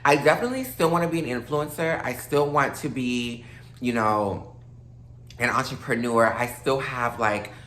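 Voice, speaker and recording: This woman's extremely low voice sounds a bit bright at a normal speed, in a roomy space. She's a late-twenties vlogger giving a casual, rambling monologue to camera, slightly slurred and a little tipsy, packed with fillers and addressing viewers as "y'all."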